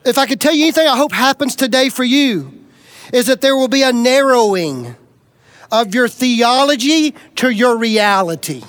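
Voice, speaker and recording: A man's voice: very high voice, animated, moderate pace, a bit bright. A middle-aged man from Alabama preaching, telling his own story in an emphatic, confessional way. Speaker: preacher giving testimony. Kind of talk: sermon testimony.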